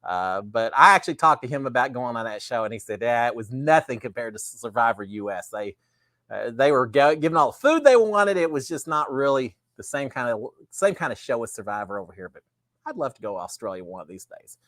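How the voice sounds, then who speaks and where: A middle-aged man with a drawl hosts a relaxed live show, chatty and rambling. His pitch swings up and down a lot. The sound is dry and close. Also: a little fast, no echo. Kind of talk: casual live-stream chat.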